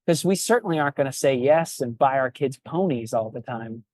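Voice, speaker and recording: Middle-aged male pastor, reflective podcast guest, mid pitch. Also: expressive, fairly quick, darkish tone, no echo. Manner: reflective, restarts phrases often. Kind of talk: casual podcast conversation.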